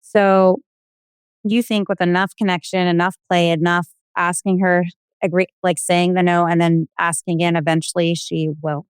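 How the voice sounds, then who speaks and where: A woman, a mother of four, talking as a guest in a halting, searching way, often restarting with "like". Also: lowish voice, flat delivery, clean tone, no room sound, clean studio sound. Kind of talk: conversational interview.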